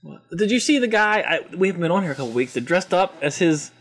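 A man's voice: high-pitched, expressive, fast talker, fairly bright tone. A man co-hosting a podcast, chatting casually and reacting with laughs and disbelief to posts online. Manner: laughing, incredulous, swears freely. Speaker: podcast co-host.

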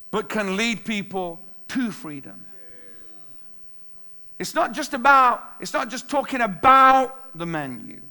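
A man's voice: high-pitched, sharp tone. A male pastor preaching a sermon in an emphatic way, repeating key phrases for weight.

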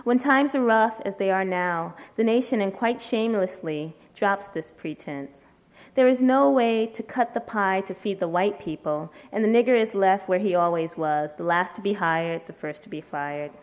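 A woman, a writer at a literary event, reading a letter aloud to an audience in a measured, deliberate way with slow, emphatic pauses. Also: medium pitch.

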